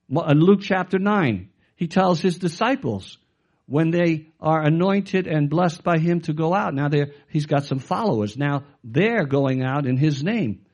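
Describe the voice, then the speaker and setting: A middle-aged man preaching as a pastor, his voice pitched a little above most men's. He delivers the sermon emphatically, reads out scripture and throws questions back to the congregation. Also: darkish tone, lo-fi sound.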